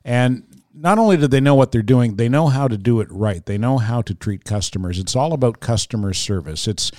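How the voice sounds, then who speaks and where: Brief: relaxed male co-host who rambles through a sponsor read, recorded close and dry. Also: mid-range voice, a little fast, no echo. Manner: easygoing, rambling, hedging. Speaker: podcast co-host. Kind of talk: casual chat, sponsor read.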